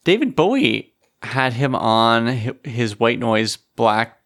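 A man from Canada co-hosting a podcast, easygoing and quick to laugh in casual chat. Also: medium pitch, lively intonation, fairly bright tone. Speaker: podcast co-host.

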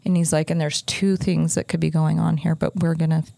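Low, gravelly-voiced woman telling her story. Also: level tone, a little fast, warm tone. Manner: candid, conversational, lots of filler "like". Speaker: podcast host. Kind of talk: personal storytelling.

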